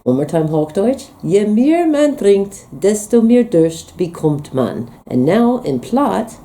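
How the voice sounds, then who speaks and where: A woman's voice: mid-range voice, sing-song, takes it slowly, warm tone. An American woman, a young adult, talking casually in a vlog as she reads out phrases and reacts to them with amused disbelief. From United States. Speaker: vlogger. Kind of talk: casual language-learning vlog.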